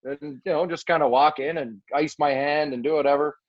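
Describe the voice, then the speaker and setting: A man telling a lively story as a podcast guest, acting out quoted dialogue and laughing now and then. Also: fairly high pitch, a little fast, dull audio. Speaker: podcast guest, former hockey player. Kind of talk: casual storytelling.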